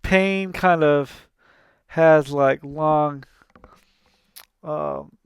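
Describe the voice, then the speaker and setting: A man's voice: on the high side, drawn-out words, clear, resonant tone, no echo, studio quality. A man in his thirties hosting a podcast, retelling a cartoon in a casual, rambling way that keeps correcting itself. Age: 30s. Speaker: podcast host.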